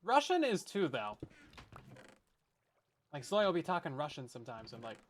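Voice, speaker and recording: A man's voice: fairly high pitch, huge pitch swings, moderate pace, slight background noise. A man streaming a survival game, chatting casually with viewers in a joking, self-deprecating way and laughing often. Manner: rambling, chatty asides. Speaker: Minecraft streamer. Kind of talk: casual let's-play chat with viewers.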